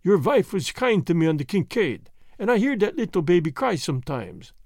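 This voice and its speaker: A man's voice: sits high, big pitch swings, moderate pace, a little mellow, no echo, clean studio sound, exaggerated voice. A man voicing a wounded, dying Swedish sailor who speaks weak, broken English in a near whisper. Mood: pleading.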